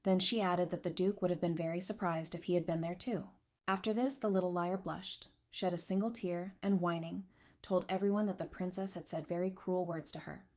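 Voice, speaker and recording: A woman giving scripted narration of a romance comic recap in an even, steady storytelling manner. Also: lowish voice, a little fast.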